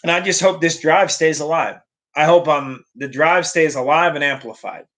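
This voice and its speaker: A man's voice: fairly high pitch, normal speed, a bit bright. A young man talking earnestly to camera in a casual motivational vlog, often repeating and restarting his phrases. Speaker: vlogger.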